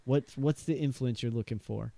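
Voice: mid-range voice, moderate pace, gravelly, mellow, no echo. A game master running a tabletop game, narrating with many hesitations and fillers.

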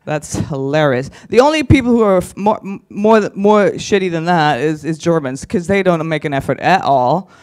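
A man's voice: fairly high pitch, expressive, moderate pace, few pauses, darkish tone, clean tone. A man doing stand-up crowd work on a conference stage, brash and teasing, swearing freely as he ribs the audience. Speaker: stand-up comedian.

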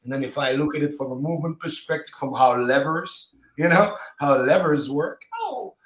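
Animated man telling stories in a roomy space. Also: fairly high pitch. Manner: animated, anecdotal, talks in quick fragments with many "you know"s. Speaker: martial arts instructor, podcast guest. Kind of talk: casual interview storytelling. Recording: roomy echo.

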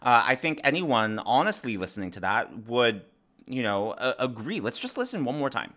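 A man's voice: mid-range voice, moderate pace. A man hosting his own political commentary channel, talking emphatically and breaking his points down step by step. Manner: animated, emphatic, explains step by step. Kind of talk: opinionated commentary.

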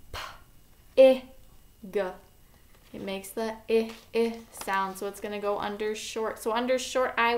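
A woman's voice: medium pitch, vocal fry. A woman teaching a phonics lesson to kindergarteners, sounding out letters one by one and praising often. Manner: slow, sound-by-sound enunciation with encouraging praise. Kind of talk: phonics lesson for young children.

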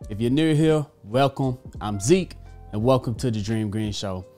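A man hosting a casual finance video, upbeat and energetic with offhand asides. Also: mid-range voice, normal speed. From Texas. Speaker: host. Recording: faint background music.

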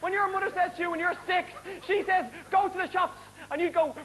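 A man doing stand-up comedy in a TV studio, loud and excitable, acting out the people in his stories. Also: very high voice, brisk. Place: TV studio with a live audience. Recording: live studio audience, noisy broadcast recording.

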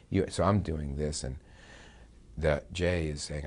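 An older American former diplomat recounts a negotiation story in a dry, wry way, with frequent pauses and filler sounds. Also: male voice, rumbling low, fairly even intonation, vocal fry, a little mellow, husky. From United States. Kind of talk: recounting a personal anecdote.

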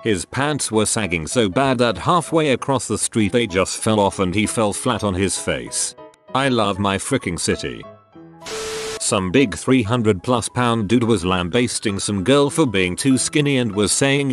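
A man narrating online stories in an even, matter-of-fact scripted reading. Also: lowish voice, moderate pace, faint music behind.

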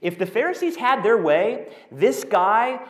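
A male pastor preaching a conversational, animated sermon with rhetorical questions. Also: sits high, a little slow. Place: school auditorium used as a church. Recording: echoey auditorium.

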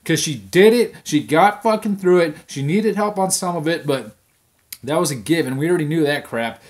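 A young man venting on camera at home, swearing constantly as he rants about his week. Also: a little high. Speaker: vlog host. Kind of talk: profane ranting monologue.

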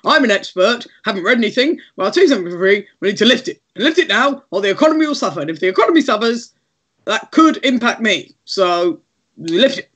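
Woman doing a pompous male cartoon pig, lowered voice, blustering. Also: lively intonation, quick pace, a bit bright, breathy edge. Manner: blustering, self-important.

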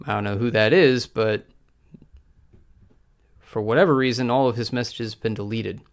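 A podcast host gives livestream commentary in a combative, sarcastic way, sinking into mutters before erupting into loud outbursts. His voice is fairly low and gravelly, at a normal speed.

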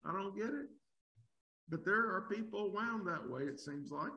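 A man's voice: sits high, expressive, normal speed, pushed and bright, highs cut off. A man preaching an expository sermon, emphatic, asking rhetorical questions and often repeating words as he builds a point.

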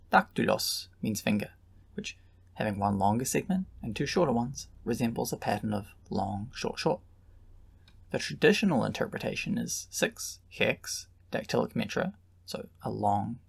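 A man giving a scripted lesson, measured and explanatory, who at times chants patterns of long and short beats. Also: medium pitch, vocal fry, breathy edge. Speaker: teacher explaining Greek metre. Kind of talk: scripted educational narration.

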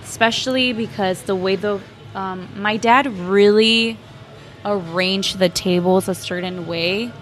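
A woman's voice: mid-range voice, measured pace, faint music behind. A young woman from Mexico, the owner's daughter, chatting about her family's restaurant with lots of "like" and "um". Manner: chatty, frequent "like" and "um". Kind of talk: casual interview.

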